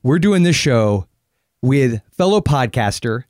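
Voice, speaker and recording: Joking, animated podcast host man. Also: mid-range voice, slow, no room sound, studio quality. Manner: joking, rambling, lots of restarts. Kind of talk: casual chat.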